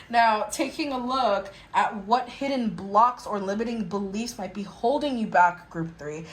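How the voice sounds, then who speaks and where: A woman's voice: a little high, roomy sound, rough recording. Chatty, blunt woman doing a tarot reading. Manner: chatty, blunt, swears and laughs often; acts out exasperated quotes in a mocking voice. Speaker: tarot reader. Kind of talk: casual tarot reading to camera.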